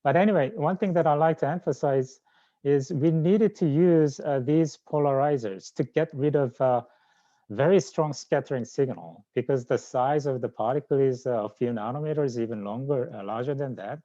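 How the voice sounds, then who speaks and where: Man, Korean accent, academic lecture, halting with fillers, mellow tone, dull lo-fi recording. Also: medium pitch, no room sound. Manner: halting, frequent "uh" fillers and restarts. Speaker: scientist giving a research lecture. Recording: dull lo-fi sound.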